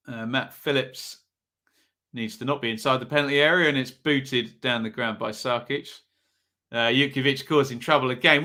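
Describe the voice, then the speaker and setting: East anglian guy doing live footy watch-along commentary, bright clear voice, chatty with the chat. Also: mid-range voice. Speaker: football watch-along host.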